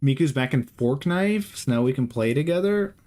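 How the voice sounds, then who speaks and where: A man's voice: mid-range voice, lively intonation, moderate pace, warm tone. A man streaming a game, chatting casually and profanely with his viewers in a rambling, joking way. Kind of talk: casual chat with live chat while playing.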